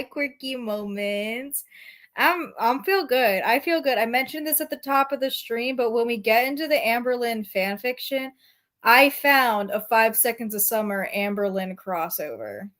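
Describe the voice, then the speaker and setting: A woman's voice: sits high, a bit bright. A woman streamer reacting to her chat in casual commentary, sarcastic and profane.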